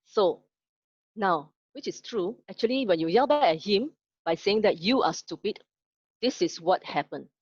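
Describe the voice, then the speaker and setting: A woman's voice: medium pitch, expressive, normal speed, darkish tone, slightly rough, no room sound, dull audio. A woman teaching an online class. She asks the class questions, then tells a story to make her point. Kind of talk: online lesson told as a story.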